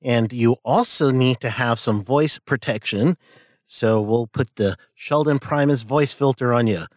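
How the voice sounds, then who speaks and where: A man's voice: medium pitch, measured pace, no room sound, clean studio sound. Blunt, profane man guest-hosting. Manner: blunt, profane, laughing asides. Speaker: guest host. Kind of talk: casual podcast monologue and rant.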